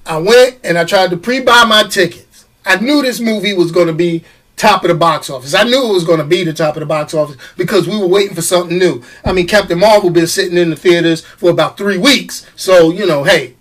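A man hosting a casual live show, talking straight to his commenters with quick restarts, repeated phrases and frequent laughter. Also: sits high. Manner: animated, stammering restarts, laughs often, talks to commenters. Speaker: show host. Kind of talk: casual live-stream chat.

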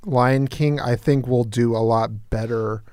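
A man's voice: mid-range voice, fairly even intonation, a little slow, dark tone, no room sound, studio quality. A man co-hosting a casual podcast, giving thoughtful, matter-of-fact opinions. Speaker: podcast co-host.

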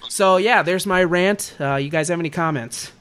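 A man's voice: high voice, moderate pace, a bit bright, smooth. A young man co-hosting a casual sports podcast, ranting as an exasperated fan. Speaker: podcast co-host.

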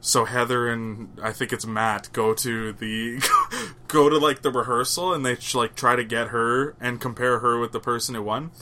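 Homem falando de forma animada, voz brilhante. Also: male voice, medium pitch, fairly even intonation, moderate pace, pushed and bright. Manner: rambling, swears casually, playful. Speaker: podcast co-host. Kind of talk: casual chat.

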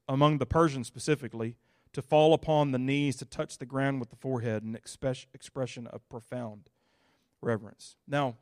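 A male pastor preaching a sermon in a folksy, casual, animated way. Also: medium pitch, moderate pace, no room sound, clean studio sound.

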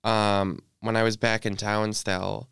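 A man's voice: on the low side, flat delivery, takes it slowly, gravelly, fairly bright tone, clear, resonant tone, no echo, clean studio sound. A young man co-hosting a podcast, telling rambling, self-mocking stories in a casual chat. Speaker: podcast co-host.

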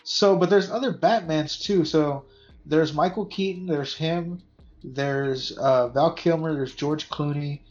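Easygoing man chatting, slightly higher voice. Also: a little slow, darkish tone. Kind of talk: casual chat. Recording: dull lo-fi with faint music.

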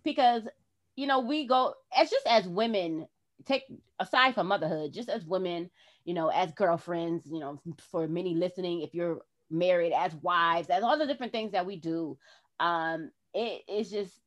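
A woman's voice: on the low side, moderate pace. A woman hosting a podcast, talking in a casual heart-to-heart way and acting out her own past words expressively. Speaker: podcast host.

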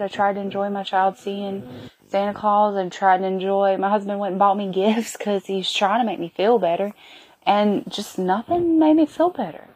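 A woman in her thirties telling a personal story on her podcast in an emotional, halting way, feeling sick and worn. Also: medium pitch, darkish tone. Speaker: podcast host.

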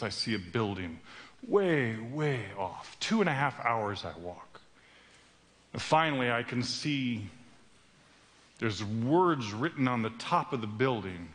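A male preacher tells a story with dramatic flair, acting out the characters as he goes. His voice is bright and swings widely in pitch, and a long hall reverb trails every phrase. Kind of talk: sermon with acted storytelling.

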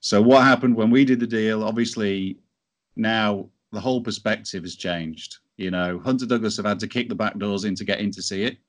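A man's voice: on the low side, steady tone, moderate pace. A man telling a business story as an interview guest, in a chatty way with many restarts. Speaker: entrepreneur guest.

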